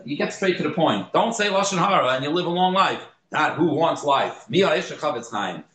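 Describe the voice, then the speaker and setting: A man teaching a study group, acting out the story's dialogue with sudden pitch jumps, restarting his sentences and translating each quoted line. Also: lively intonation, brisk, a bit bright, reverberant, low-quality recording. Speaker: Torah class teacher.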